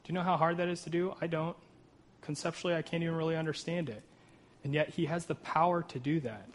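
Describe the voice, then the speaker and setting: An earnest man preaching a sermon in a fairly high-pitched voice. He reads scripture with rising emphasis and breaks it up with casual asides and jokes at his own expense. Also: fairly even intonation, fast talker, slight background noise. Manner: earnest, with frequent "right?" asides and self-deprecating humor. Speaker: pastor.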